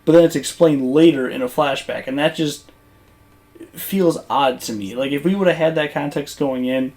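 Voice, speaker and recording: Over gameplay footage, a gaming YouTuber talks casually, rambling and conversational, full of fillers and restarts. His male voice is fairly high and darkish in tone, at a normal speed.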